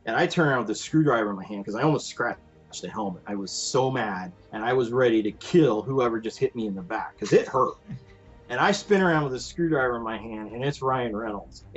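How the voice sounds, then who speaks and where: Husky-voiced man telling stories animatedly. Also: medium pitch, a little fast, highs cut off, soft background music. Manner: animated, acts out quoted voices, laughs often. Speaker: guest, prop and costume maker. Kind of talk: casual storytelling in a podcast interview.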